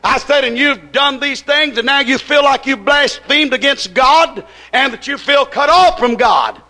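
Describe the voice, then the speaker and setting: High, bright-voiced folksy preacher man. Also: unhurried. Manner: folksy, emphatic, repeats "I said" while retelling. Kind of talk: sermon.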